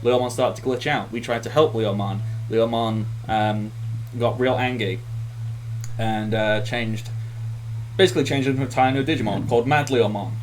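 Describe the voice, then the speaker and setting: A man's voice: mid-range voice, steady tone, moderate pace, a little hiss or hum, poor audio. A man running a tabletop game as game master, recapping the last session in a rambling, easygoing way with frequent laughs. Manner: laughs often, rambling with fillers.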